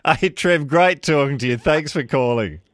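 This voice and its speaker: Man, radio host, jokey and chatty, animated pitch, dry studio sound. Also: no echo. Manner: jokey, chatty, quick to laugh at himself. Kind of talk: casual talkback radio chat. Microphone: studio microphone.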